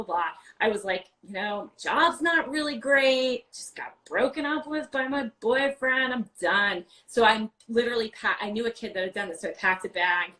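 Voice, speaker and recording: A woman in her forties from New York, chatting animatedly as a guest on a video-call interview, full of quick asides and "like" fillers. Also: mid-range voice, fairly bright tone, low-quality recording. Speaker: guest, wine podcast host. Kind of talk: casual interview chat.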